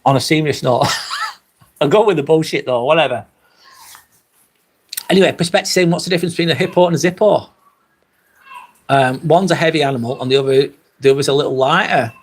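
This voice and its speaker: A man's voice: on the high side, brisk, pauses often, slight background noise. A man with a Lancashire accent from Northwest England, hosting a live stream and chatting casually with his viewers, swearing freely. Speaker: livestream host. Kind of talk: live stream chat reading.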